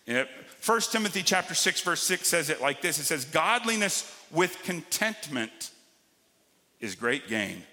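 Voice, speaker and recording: A man preaching a sermon as pastor, swinging between loud emphatic lines and quiet drawn-out ones. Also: a little high, very animated, big-room sound.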